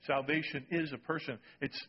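A man's voice: a little high, fairly even intonation, moderate pace, breathy edge. A man preaching a sermon as pastor, emphatic and repeating his key phrases, often checking in with the congregation. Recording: dull recording in a reverberant hall.

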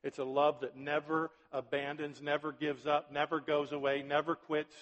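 A pastor with a somewhat high voice and flat delivery preaches at a moderate pace, keeping it conversational and checking in often with "right?" and "are you with me?" The recording is dull, with a long reverberating hall sound.

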